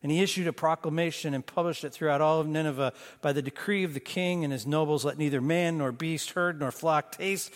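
A man preaching a sermon as pastor, moving between emphatic bursts and hushed, slow lines. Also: fairly high pitch. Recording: long reverb of a church hall.

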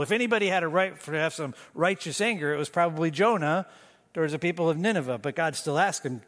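A man preaching a sermon as pastor, moving between emphatic bursts and hushed, slow lines. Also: on the high side. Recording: long reverb of a church hall.

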